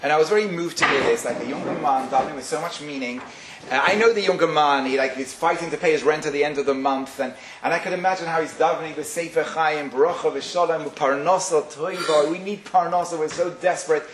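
A man's voice: fairly high pitch, fast. A man giving a religious talk, telling a story animatedly with frequent fillers, in a roomy recording. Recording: roomy with faint hiss.

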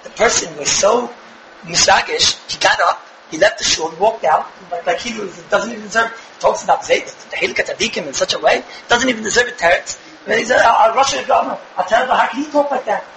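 A man giving a Torah talk, telling a story in an animated, digressive way and acting out the quotes. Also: sits high, fairly quick, reverberant, noisy background. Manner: animated, digressive, often restarts and acts out quotes. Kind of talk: Yiddish-flavored Torah lecture, storytelling. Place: synagogue or study hall.

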